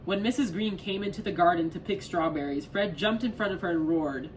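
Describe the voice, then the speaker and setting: A young man reading a children's picture book aloud with careful, even delivery and the odd small stumble. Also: high voice, fairly quick, slight background noise, low-quality recording. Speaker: volunteer reader.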